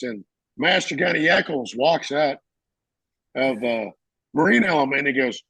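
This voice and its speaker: Gravelly middle-aged veteran telling stories. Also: male voice, medium pitch, moderate pace, long pauses, no echo, poor audio. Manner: animated, acts out shouted quotes. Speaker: veteran interviewee. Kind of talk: casual storytelling.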